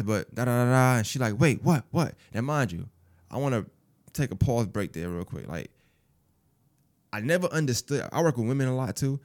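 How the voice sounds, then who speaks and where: A man telling a personal story in casual, profane speech, acting out other people's lines as he goes. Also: lowish voice. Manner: animated, profane, acts out quoted voices.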